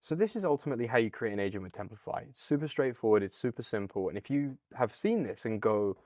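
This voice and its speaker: A man with a British accent hosting a casual, upbeat software walkthrough, chatty with a few fillers. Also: mid-range voice, expressive, fast talker, no room sound, studio quality. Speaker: product demo host.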